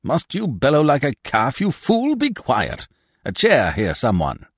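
A man's voice: medium pitch, wildly swooping pitch, a little slow, gravelly, slightly rough, no echo, clean studio sound, pitched above the performer's own voice, full character voice. A man voicing a fat, pompous male theatre-troupe manager who blusters and brags. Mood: blustering. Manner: blustering, self-satisfied.

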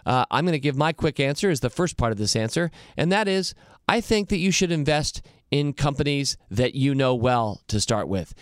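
A man's voice: medium pitch, animated, moderate pace, no echo, clean studio sound. A man hosting an investing podcast, answering listener mail in an upbeat, earnest way. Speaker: podcast host.

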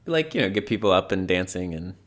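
A man's voice: low voice, animated, fast talker. Male co-host, playful and teasing, easy banter. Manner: teasing, joking, laughing often. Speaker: podcast co-host. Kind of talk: casual chat.

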